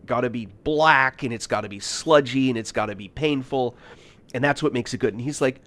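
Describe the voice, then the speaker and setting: A man from the United States, streaming a game and telling casual stories, animated, laughing often and full of fillers. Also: mid-range voice, a little fast, slight background noise. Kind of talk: casual storytelling while gaming.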